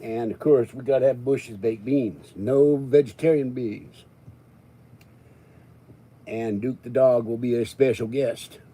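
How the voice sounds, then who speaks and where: A man's voice: medium pitch, fairly even intonation, slow, dark tone, breathy edge. A man hosting a live stream, rambling and joking as he chats. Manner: joking, rambling, chuckling often.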